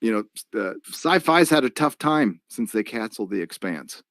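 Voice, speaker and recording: A man's voice: fairly low pitch, lively intonation, moderate pace, fairly bright tone, no room sound. A man hosts a live stream and rants in a casual way, stopping often with ums and restarts. The recording is dry and close, with no room sound. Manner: ranting, frequent fillers and restarts. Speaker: live stream host reading donations.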